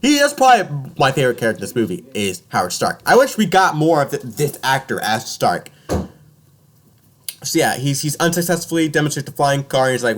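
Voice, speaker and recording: Animated young man recapping a film. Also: mid-range voice, a little fast. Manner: animated, jokey, slips into silly voices for characters. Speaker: podcast host recapping a film. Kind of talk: casual podcast recap.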